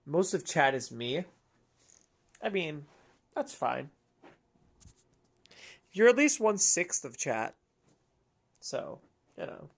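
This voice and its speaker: A woman's voice: low-pitched, big pitch swings, slow pace, gravelly, pauses often, noisy background. Chatty, giggly woman streaming a game. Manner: chatty, giggly, self-mocking. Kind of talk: live game-stream chat. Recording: game music behind.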